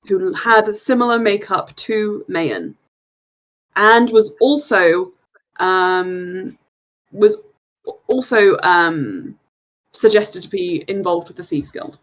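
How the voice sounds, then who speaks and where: A woman's voice: medium pitch, slow. A woman acting as game master of a tabletop game, narrating scenes with joking asides and frequent laughter. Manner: laughs often, jokey asides.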